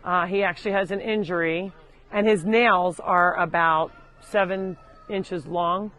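A woman hosting a live show from her animal sanctuary, chatting casually outdoors and loudly scolding the animals. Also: on the low side, fairly even intonation, a little slow. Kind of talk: casual live-stream chat. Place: outdoors on a farm among animals.

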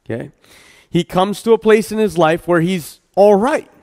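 A man's voice: sits high, normal speed, a little mellow. A man preaching a casual midweek sermon, chatting with the congregation, stumbling over his words and laughing at himself. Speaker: pastor. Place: church hall. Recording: long hall reverb.

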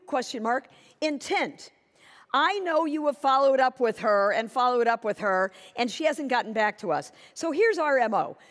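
A woman giving a conference keynote, telling a story and acting out both sides of a conversation. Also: a little high. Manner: storytelling, acting out dialogue with shifting voices. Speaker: keynote speaker. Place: conference hall stage. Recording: echoey conference hall.

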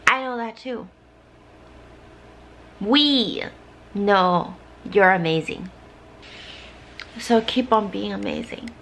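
Tipsy, teary young woman, gravelly and slow. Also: mid-range voice, a little hiss or hum. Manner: tearful, heartfelt, drifting into soft whispers. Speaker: vlogger. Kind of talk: emotional pep talk to camera.

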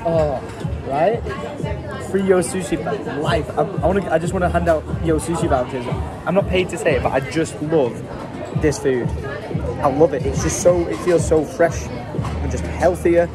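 A young man hosting his vlog, chatting excitedly and laughing often over a meal in a busy restaurant. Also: a little high, moderate pace. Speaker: vlogger host. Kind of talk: casual chat. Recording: noisy restaurant with music and chatter.

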